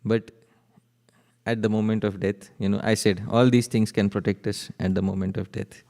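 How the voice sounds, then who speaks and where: A man's voice: on the low side, level tone, moderate pace, mellow. A man preaching a devotional sermon, telling stories and asking his audience questions. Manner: chanting verses, asking the audience rhetorical questions. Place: temple hall. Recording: reverberant temple hall.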